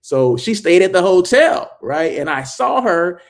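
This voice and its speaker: A man's voice: high-pitched, big pitch swings, unhurried. A man hosting a casual live check-in, chatting loosely and thanking viewers by name. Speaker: host of a daily live check-in show.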